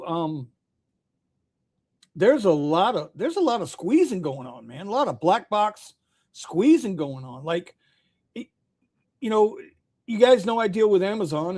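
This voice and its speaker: A man's voice: high-pitched, a little mellow. A man hosting a casual livestream chat, loose and jokey, throwing in "bro" and laughing often. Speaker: host.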